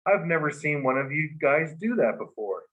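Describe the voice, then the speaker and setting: A man's voice: a little high, sing-song, normal speed, a bit bright, rough recording. A man voicing a cheerful, friendly male extraterrestrial in a raised, delighted voice.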